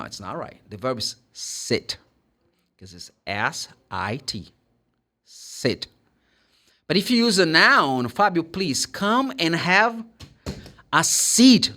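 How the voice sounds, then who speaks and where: A man from Brazil with a Brazilian Portuguese accent, teaching English pronunciation in a casual, animated way, acting out little dialogues and spelling words letter by letter. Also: medium pitch.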